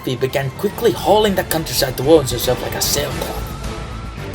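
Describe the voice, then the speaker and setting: A storyteller giving a playful, comic reading of a folk tale, tossing in jokey asides and building to big exclamations. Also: medium pitch. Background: music.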